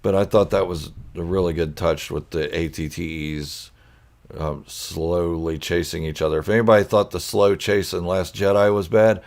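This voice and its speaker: A man with a low, gravelly voice chats with viewers on a live stream. He is goofy and quick to laugh, telling stories and answering comments in a loose, casual way. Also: flat delivery, darkish tone. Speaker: channel host chatting with live viewers.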